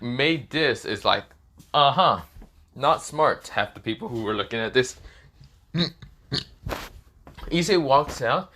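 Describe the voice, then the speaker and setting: A man's voice: medium pitch, fairly bright tone. A man narrating a fan story off the cuff, rambling with many fillers and restarts. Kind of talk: improvised casual story narration.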